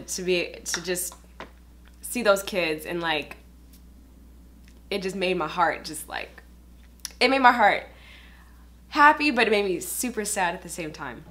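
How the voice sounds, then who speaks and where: A woman's voice: medium pitch, a bit bright, slight background noise. A woman chatting casually while doing her makeup, rambling with lots of fillers and openly emotional. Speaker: beauty vlogger. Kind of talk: casual get-ready-with-me chat.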